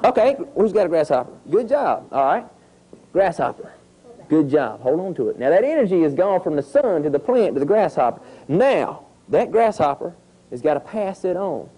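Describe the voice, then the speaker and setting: A man, teaching a group of children outdoors, telling a lively story with sound effects. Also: on the high side, normal speed, slightly rough, poor audio. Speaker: environmental educator. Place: outdoors at a nature center.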